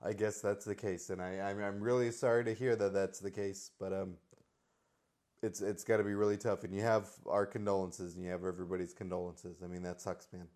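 A man playing it straight as an interviewer in a comedy sketch, hesitant and quietly exasperated. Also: a little fast. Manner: low-key, hesitant, exasperated deadpan.

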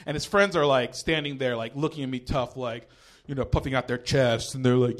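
A young man telling a comic personal story on stage, animated, swearing freely and shouting out the lines he quotes. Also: mid-range voice, fairly quick. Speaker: storyteller at a live storytelling show.

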